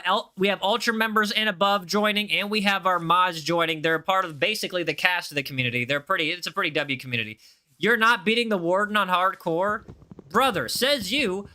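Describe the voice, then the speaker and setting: A man with a high, very bright and sharp-edged voice runs a live game stream. He is hyped and playful, calling out to his chat and reading their messages aloud as he plays.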